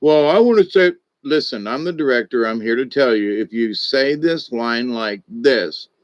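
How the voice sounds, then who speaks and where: An older man and former stage director telling rambling, animated stories in a casual monologue, often trailing off and restarting. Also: medium pitch, measured pace, no echo. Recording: dull, dry lo-fi audio.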